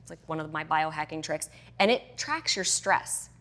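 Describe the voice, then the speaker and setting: A woman's voice: deep voice, animated, moderate pace, pushed and bright. A middle-aged woman, a fitness and hormone health coach, chatting as a podcast guest and animatedly acting out her own past reactions. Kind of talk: casual podcast interview.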